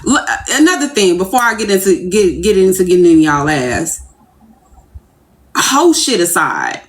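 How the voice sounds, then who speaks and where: A young woman ranting casually on a livestream, brash and profane, breaking into giddy squeals when she acts out her excitement. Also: on the low side, normal speed.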